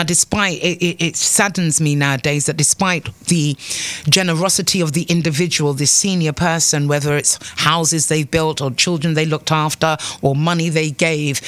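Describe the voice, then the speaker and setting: A woman's voice: low-pitched, no room sound. A woman with an Antiguan accent hosting a morning call-in radio show from a studio, talking in a rambling way, often repeating words and calling listeners "love.". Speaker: radio talk show host.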